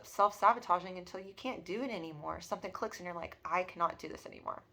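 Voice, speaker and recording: Woman, bright clear tone, earnest and rambling self-help vlogger, lots of "um" and "you know". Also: lowish voice. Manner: earnest, rambling, many fillers and restarts. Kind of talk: casual heartfelt monologue.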